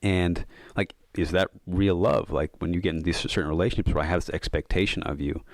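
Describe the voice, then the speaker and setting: Man, deep voice, dry sound, reflective, casual storytelling, podcast guest. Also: fairly even intonation, a little fast, no echo. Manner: thoughtful, many fillers of "like" and "um". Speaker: podcast guest, yoga and meditation coach.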